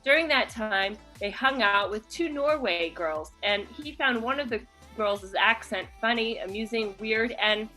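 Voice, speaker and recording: A woman's voice: a little high, animated, measured pace, few pauses, bright, forceful tone, faint music behind. A woman co-hosting a comedy podcast, chatty and upbeat, reading out listener questions. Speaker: podcast co-host. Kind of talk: casual comedy chat.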